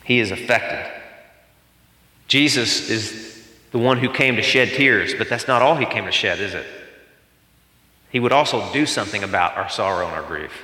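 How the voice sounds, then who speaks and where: A male pastor preaching a sermon, asking the congregation questions and pausing for effect. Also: fairly low pitch. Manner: expressive preaching with dramatic pauses and rhetorical questions. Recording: reverberant hall.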